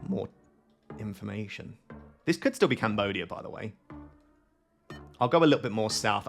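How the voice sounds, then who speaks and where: A man talking through a game as he plays, reasoning out loud and asking himself questions. His voice sits at an ordinary middle pitch for a man, in a casual, conversational delivery. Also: vocal fry. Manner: thinks aloud, questions himself. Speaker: gaming channel host. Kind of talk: live gameplay commentary.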